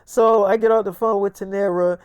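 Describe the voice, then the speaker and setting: A woman's voice: mid-range voice, fairly even intonation, a little fast, darkish tone, clear, resonant tone, no room sound, studio quality. A woman telling a freestyle story in a casual, streetwise way, swearing freely.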